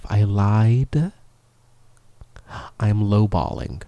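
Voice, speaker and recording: Drawing out his words in a dark, low voice, a man hosts a podcast as a casual rambling monologue, self-deprecating and occasionally hushed to a whisper. The recording is dry, made up close on a professional studio mic in a small studio.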